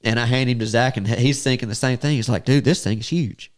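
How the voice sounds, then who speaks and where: A man telling a hunting story casually on a podcast, acting out what people said. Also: fairly quick. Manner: animated, acts out quotes with sudden high-pitched outbursts.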